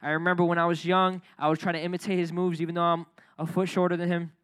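A young man preaching a casual, energetic youth sermon, building up to near shouting at its peaks. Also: fairly high pitch, fast talker, smooth.

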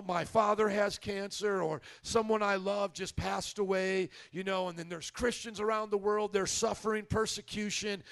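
A man's voice: high voice, fairly bright tone. A male pastor preaching a sermon to his church, emphatic and prompting the congregation to answer back.

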